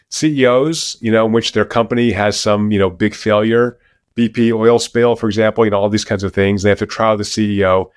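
A man with a somewhat low voice speaks as an interview guest over a video call. He is animated and lively, often rising in pitch as he tells anecdotes. The sound is close and dry. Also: no room sound. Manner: animated storyteller, lively when telling anecdotes. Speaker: guest researcher. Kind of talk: interview conversation. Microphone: remote video call.

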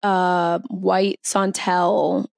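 A woman's voice: fairly low pitch, flat delivery, drawn-out words, creaky, no echo. A young woman co-hosting a podcast in casual chat, talking chattily with lots of fillers and giggles. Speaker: podcast co-host.

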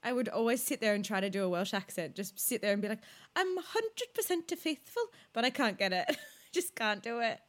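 A woman co-hosting a podcast in casual chat, animated and swearing freely while acting out quotes. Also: mid-range voice, fast talker. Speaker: podcast co-host.

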